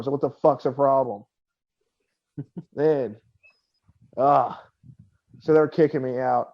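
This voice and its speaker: A man's voice: a little high, warm tone, lo-fi sound. A man co-hosting a podcast, telling a long profane anecdote in casual chat and laughing as he quotes the people in it. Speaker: podcast co-host.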